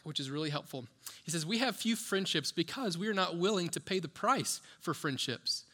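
A man's voice: a little high, pushed and bright. A man preaching a sermon as pastor, conversational and full of rhetorical questions to the congregation. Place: church.

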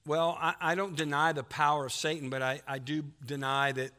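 Preacher in a reverberant hall. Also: male voice, fairly high pitch, level tone, fairly quick, pushed and bright. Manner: folksy, storytelling preacher. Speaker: pastor. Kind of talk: sermon.

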